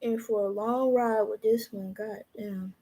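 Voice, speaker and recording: A woman's voice: medium pitch, fairly even intonation, a little slow, dark tone, low-quality recording. A young woman giving a casual, profane tarot reading, talking straight to her viewers. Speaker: tarot reader.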